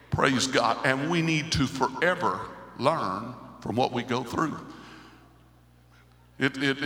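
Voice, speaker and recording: A man preaching a Pentecostal sermon, moving from quiet talk up to loud, high shouting. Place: church sanctuary. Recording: echoey hall with congregation.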